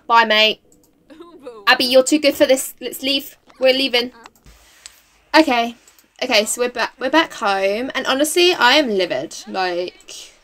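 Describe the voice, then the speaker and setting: A young woman talks over her gameplay in a loose, chatty way, reacting loudly and dropping slang as she goes. Her voice sits high for a woman, and her talk is excitable. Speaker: game streamer. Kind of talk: casual gameplay commentary.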